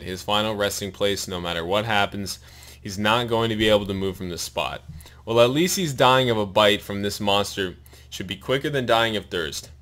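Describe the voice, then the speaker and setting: A man reading a long story aloud in a steady narrating voice, his mouth sore and bleeding after a wisdom tooth removal. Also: mid-range voice. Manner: steady read-aloud narration with pained asides.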